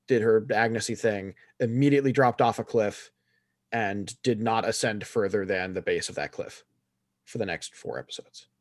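A man's voice: medium pitch, no room sound. Blunt, sarcastic man, dry sound. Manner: blunt, sarcastic, swears casually. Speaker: podcast co-host. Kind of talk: casual chat reviewing a series.

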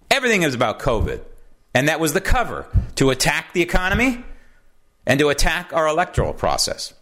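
A man hosting his own talk program, giving an animated political commentary monologue, often asking "right?" and drifting into asides. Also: a little high, brisk. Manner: digresses into anecdotes. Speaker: host.

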